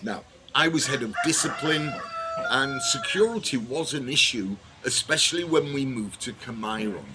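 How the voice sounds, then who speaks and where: A man and former teacher reminiscing about his teaching years in a relaxed, anecdotal way. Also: mid-range voice, moderate pace. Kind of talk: reminiscing monologue. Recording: noisy background.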